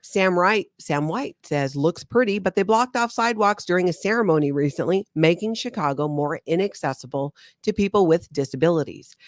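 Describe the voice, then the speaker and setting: A woman co-hosting a casual chat, reading reviews aloud in an animated, self-mocking way with frequent laughs. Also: lowish voice, brisk, hardly any pauses, dry recording, clean studio sound. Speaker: co-host, former member discussing the church.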